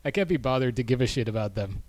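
A man's voice: mid-range voice, lively intonation, fast talker, darkish tone, no room sound. A man co-hosting a casual talk show, easygoing and laughing often. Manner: laid-back, laughs often, short replies. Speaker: podcast co-host. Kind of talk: casual chat.

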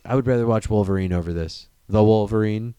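A man hosting a casual movie chat, animated and profane, joking and laughing often. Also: on the low side, brisk, smooth, dry recording. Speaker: podcast host.

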